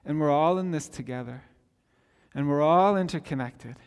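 A man's voice: a little high, moderate pace, smooth, long reverb tail. A man in his forties preaching a sermon in a conversational, storytelling manner, often restarting his sentences. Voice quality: conversational, self-interrupting storyteller. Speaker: pastor.

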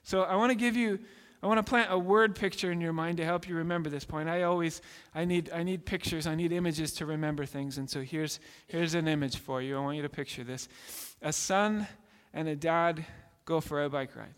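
A man preaches a sermon in a fairly high voice, earnest and prone to repeating himself and restarting his sentences. He carries his point through a story, building it up patiently. The sound has the long reverb of a large hall. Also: fairly even intonation, brisk, few pauses, fairly bright tone, clean tone. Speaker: pastor.

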